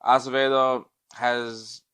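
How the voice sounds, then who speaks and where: Speaking slowly and flatly, a man with a medium-pitched, fairly bright, smooth voice hosts a casual sports podcast without echo. He rambles with frequent ums and restarts, drifting off mic at times to check stats.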